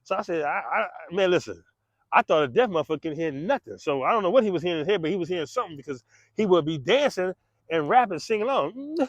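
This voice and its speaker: A man with a high-pitched voice spins a profane, slang-heavy street story in loose conversational style, acting out gunshots and other people's lines. The sound is dull and lo-fi, and close and dry with no room around it. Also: animated, fast, no room sound.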